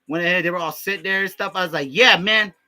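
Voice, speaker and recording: High, sharp-voiced man rambling crude jokes. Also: steady tone, racing, soft background music. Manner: crude, rambling, heavy profanity, constant filler "man". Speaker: comedy vlogger. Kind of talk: improvised comic storytelling.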